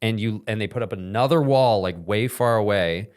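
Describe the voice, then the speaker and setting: A young man co-hosting a comedy podcast, retelling things in halting, animated, profane banter. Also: on the low side, clean tone. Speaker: podcast co-host. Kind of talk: casual comedic chat.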